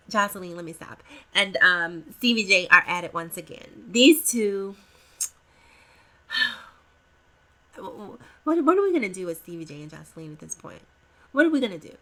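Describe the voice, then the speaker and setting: A woman's voice: mid-range voice, pushed and bright. A woman hosting a casual gossip commentary vlog, playful and talking straight to her viewers.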